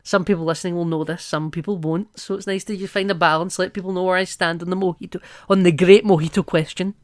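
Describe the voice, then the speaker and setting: A man's voice: high voice, fairly even intonation, quick pace. A man co-hosting a podcast, chatting casually about a film, rambling and playful with many asides. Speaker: podcast co-host. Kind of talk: casual film-review chat.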